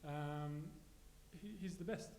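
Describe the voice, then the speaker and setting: A man's voice: on the high side, slow pace, darkish tone. A man doing stand-up, chatting with the audience in a laid-back, friendly way. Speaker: stand-up comedian. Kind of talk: stand-up crowd work. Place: comedy venue with small audience. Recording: echoey live venue with clear noise.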